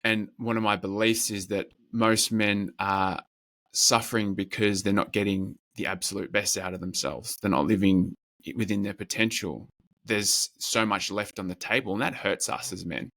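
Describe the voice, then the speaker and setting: A man who works as a men's coach, talking earnestly and in measured lists as a podcast guest. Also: fairly low pitch, steady tone, fairly bright tone, dry recording. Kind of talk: reflective interview talk.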